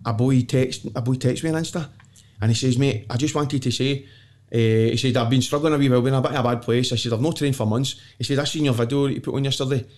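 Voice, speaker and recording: A man's voice: mid-range voice, steady tone, fast, darkish tone. A man with a Glaswegian accent, guesting on a podcast and telling stories in a blunt, self-mocking way, swearing freely and laughing often. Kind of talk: casual storytelling chat.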